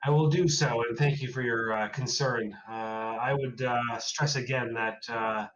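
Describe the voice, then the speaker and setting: A composed, formal woman researcher in a tabletop horror game, as a man puts her on. She speaks in careful, halting phrases broken by many pauses. The voice sounds distant and a little dull through a lo-fi mic. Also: mid-range voice, steady tone, fairly bright tone, faint music behind, lightly acted. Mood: earnest. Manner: formal, hesitant speech full of "uh".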